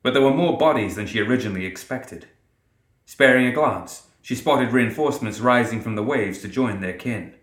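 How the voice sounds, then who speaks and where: A man narrating a dark fantasy story in a steady, dramatic way. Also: mid-range voice, moderate pace, echoey room. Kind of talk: scripted narration.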